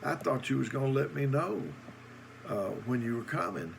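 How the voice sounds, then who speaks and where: A man's voice: medium pitch, lively intonation, normal speed, gravelly, a little hiss or hum, pitched above the performer's own voice. A man voicing a once beautiful village woman, now old, pleading and plaintive. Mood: reproachful.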